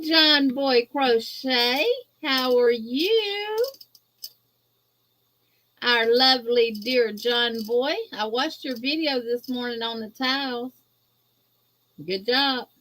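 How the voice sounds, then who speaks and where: A Southern woman with a Louisiana accent, talking on a live stream with a fairly high, light voice. She chats casually and folksily with viewers, stretching out her cheerful greetings as she reads their comments. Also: slow pace, a bit bright. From Louisiana, USA. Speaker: guest host of a crochet livestream. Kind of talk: casual livestream chat reading viewer comments.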